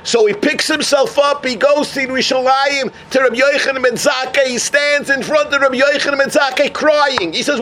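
High-voiced animated storytelling preacher. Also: male voice, moderate pace, hardly any pauses. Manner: animated storyteller who mixes Hebrew and Yiddish terms into English. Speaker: Torah teacher. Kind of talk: sermon storytelling.

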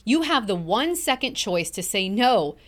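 Stretching key words for effect, a middle-aged woman hosts a motivational podcast in an earnest, emphatic way. Her mid-range voice is sing-song and a little slow.

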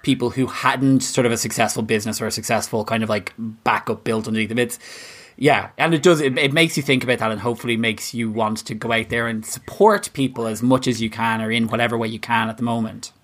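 A man co-hosts a podcast and speaks thoughtfully, often stopping to rephrase. His voice sits at a middle pitch. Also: fairly even intonation, fairly bright tone. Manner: thoughtful, halting, repeats words. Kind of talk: casual chat.

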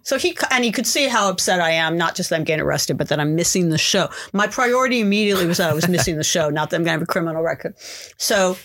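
A woman guest on a podcast telling a story in casual chat, acting out what people said in raised, excited voices. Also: lowish voice, fast talker. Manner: acts out quotes in raised voices.

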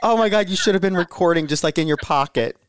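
A man's voice: sits high, fast, smooth, no room sound, clean studio sound. A man co-hosting a podcast, joking in casual chat and laughing easily. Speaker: podcast co-host.

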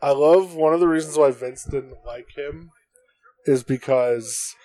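Excitable man co-hosting a wrestling chat. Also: fairly high pitch, a little slow, dry recording, poor audio. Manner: excitable, swears casually, explains wrestling history. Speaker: podcast co-host. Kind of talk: casual chat during a live watch-along.

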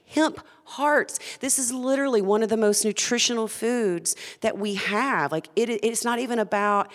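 A woman's voice: fairly high pitch, in a large hall. A woman who founded a food company, talking earnestly and with passion as a guest in a conversational interview.

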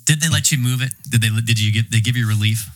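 A young man from North Carolina hosting a golf podcast, telling stories in an excitable, animated way. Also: mid-range voice, fast. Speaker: podcast host. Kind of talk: casual storytelling.

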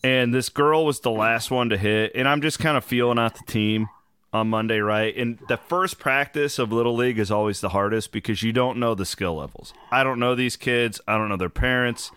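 A man hosting his podcast in casual chat, hoarse from travel, telling loose, rambling stories with the odd swear. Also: mid-range voice, normal speed, fairly bright tone, no room sound. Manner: loose, rambling, profane storytelling. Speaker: podcast host.

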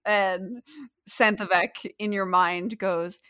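A woman's voice: mid-range voice, steady tone, slow, pushed and bright, dry recording, clean studio sound. A woman narrating as game master, describing scenes in a playful way with lots of fillers.

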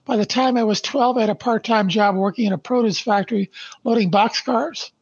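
Older man, slow and emphatic, dull lo-fi audio. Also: high-pitched, steady tone, slightly rough, no echo. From Canada. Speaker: podcast guest. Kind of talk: interview, reading his life story aloud.

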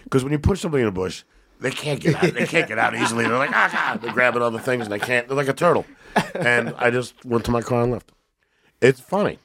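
A man's voice: mid-range voice, fast. A man, a guest comedian, telling stories in a casual podcast chat, stammering and restarting as he goes. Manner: animated storyteller, stammers and restarts.

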